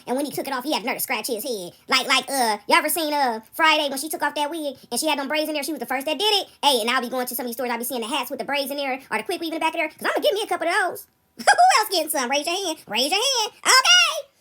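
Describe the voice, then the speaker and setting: A young adult woman telling a casual story to her viewers, animated and often breaking into laughter as she talks to them directly. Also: high-pitched, rapid-fire.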